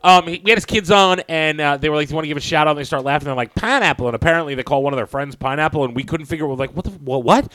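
A man's voice: a little high, rapid-fire, hardly any pauses, a bit bright. A man co-hosting a casual podcast, explaining things in a chatty way full of "like". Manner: chatty, explains at length with many "like"s. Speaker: podcast co-host.

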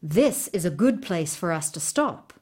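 A wise magical white mare from a storybook, steady and grave, as a woman reader speaks for her. She talks slowly and protectively, like a guardian giving counsel. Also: on the low side, slightly rough, voice pushed down, heavily acted.

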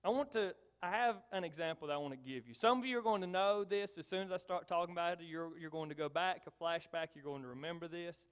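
High-voiced man preaching with emphasis. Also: quick pace, hardly any pauses, clear, resonant tone. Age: middle-aged. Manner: emphatic preaching, punchy repeated phrases, swings from loud to soft. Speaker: pastor. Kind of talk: sermon.

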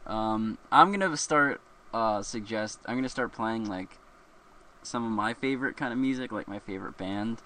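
A man's voice: on the low side, moderate pace, bright, forceful tone, a little hiss or hum. A man from the Philadelphia area hosting a casual live show, rambling and joking with frequent laughs. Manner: rambling, jokey, laughs often. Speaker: host.

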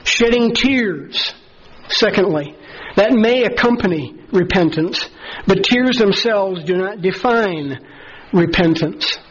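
A man preaching a sermon as pastor, earnest and measured, slowing down to stress key phrases. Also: high-pitched, animated, fairly bright tone, highs cut off, a little hiss or hum.

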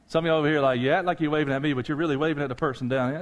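A man preaching a sermon as pastor, animated and conversational, talking straight to his congregation with asides and jokes. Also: medium pitch, very fast.

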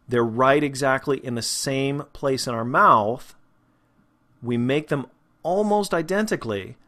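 A man teaching a podcast lesson on vowel sounds, explaining patiently and sounding out each vowel slowly and clearly. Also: mid-range voice, fairly bright tone. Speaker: voice and speech teacher.

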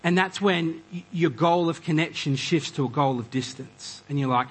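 A man preaching a conversational sermon, animated and acting out quoted voices. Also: on the high side, moderate pace, hardly any pauses, slight background noise, poor audio. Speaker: pastor.

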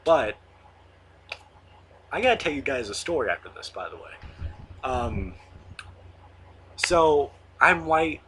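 A man's voice: mid-range voice, big pitch swings, takes it slowly, pauses often, background noise. Rambling teenage guy hosting his own show. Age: late teens. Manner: rambling, filler-heavy, swears casually. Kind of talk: casual monologue to camera.

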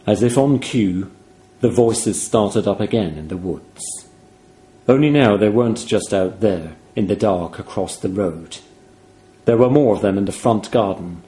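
A man reading a horror story aloud in a grave, hushed, measured way. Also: low voice. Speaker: narrator.

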